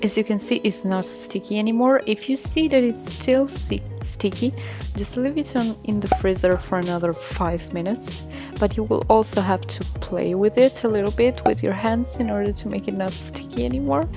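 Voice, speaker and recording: An Italian woman talks through a homemade slime tutorial in a relaxed, chatty way. Her accent is plain, and she often laughs softly between steps. Quiet background music plays under her voice. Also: mid-range voice, moderate pace, gravelly. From Italy. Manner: chatty, giggly, explains step by step. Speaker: slime-making vlogger. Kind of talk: casual tutorial narration.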